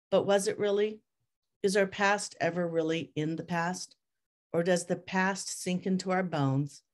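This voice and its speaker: A woman author reading her own memoir aloud in a measured, reflective, steady way. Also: on the low side.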